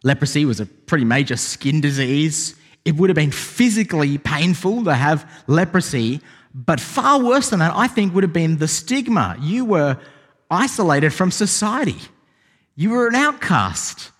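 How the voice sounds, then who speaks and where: A man preaching a sermon as pastor, animated and rising to emphatic exclamations. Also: fairly high pitch, normal speed. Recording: long hall reverb.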